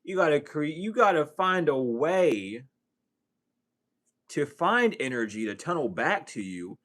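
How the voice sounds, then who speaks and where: Very animated and unhurried, a man with a fairly bright voice delivers a casual, streetwise spiritual reading laced with profanity. He fires off rhetorical questions, shifting between low mutters and high exclaims.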